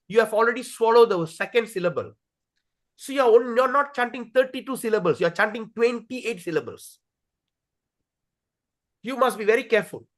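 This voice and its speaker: Casting note: a male devotional teacher with a high, very expressive voice, who chants words slowly to demonstrate them. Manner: addresses listeners directly, checks with "okay?". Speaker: teacher leading a scripture study.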